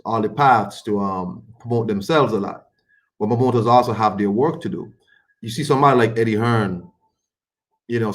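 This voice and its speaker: A man with a somewhat low voice talks through boxing news on his livestream. His delivery is loose and colloquial, wandering from point to point in an unhurried, chatty ramble. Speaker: boxing commentary streamer. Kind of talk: casual commentary on a livestream.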